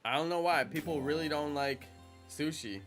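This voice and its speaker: A man's voice: fairly high pitch, normal speed, fairly bright tone. A man chatting casually and joking with his viewers while he plays a video game live, rambling from one silly aside to the next. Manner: joking, rambling, chuckles at own jokes. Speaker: streamer. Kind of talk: casual live-stream chat while gaming. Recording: game music behind the voice.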